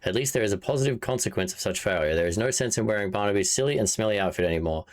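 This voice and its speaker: A man's voice: lowish voice, expressive, very fast. A man streaming a video game, chatting casually, thinking aloud and reacting with amusement. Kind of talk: casual let's-play commentary.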